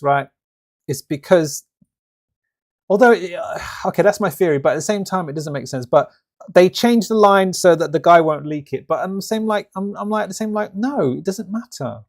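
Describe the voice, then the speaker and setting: Hosting a live stream, a man reacts to a game trailer, rambling and ranting casually with many restarts and fillers. His voice sits high with lively intonation, and he talks at a moderate pace.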